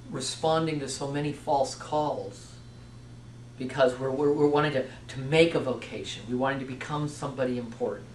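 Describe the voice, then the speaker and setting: A man's voice: a little high, slight background noise. Man lecturing in an echoey hall. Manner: repetitive, emphatic listing with self-restarts. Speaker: teacher speaking on Christian vocation. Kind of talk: sermon-style lecture. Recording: echoey room, voice from far off.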